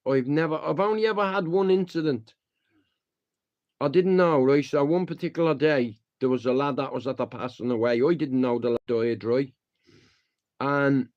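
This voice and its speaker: A man's voice: mid-range voice, a little mellow. A man talking casually to his viewers, rambling and profane, and heated when he retells a fight. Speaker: live streamer. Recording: dull lo-fi sound.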